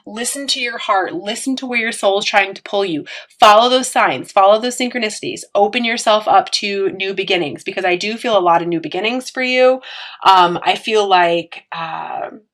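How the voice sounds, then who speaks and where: A woman's voice: medium pitch, moderate pace, fairly bright tone. A woman giving a casual, encouraging tarot reading, earnest and full of fillers and restarts. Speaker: tarot reader.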